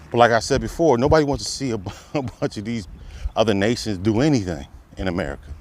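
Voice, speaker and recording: A man's voice: mid-range voice, a little mellow, a little hiss or hum. A man delivering an impassioned monologue, preaching with repeated rhetorical questions that climb to emphatic peaks. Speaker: commentator.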